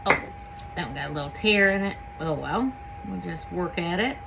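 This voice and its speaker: A woman hosting a home canning video, chatting casually through a how-to demonstration in her kitchen and gushing with excitement as she works. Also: fairly low pitch, moderate pace, gravelly, background noise. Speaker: home canning channel host.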